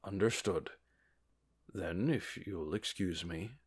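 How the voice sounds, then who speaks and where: A man voicing a calm, courteous elderly male butler who speaks in a measured way in an audiobook. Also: sits low, slightly rough, exaggerated voice.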